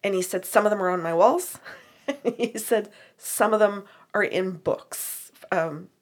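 A woman's voice: mid-range voice, a little slow. Lady medium telling a story, quoting everybody back and forth. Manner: animated retelling with quoted dialogue. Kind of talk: storytelling chat.

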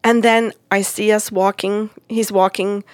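A woman speaking at a middle pitch, telling a story in animated casual chat. She talks as a psychic medium recounting a client session and acts out what others said with sudden high jumps in pitch. The recording is close and dry, with no room sound. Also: measured pace, clear, resonant tone, no echo. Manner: expressive, acts out quoted voices with big pitch jumps.

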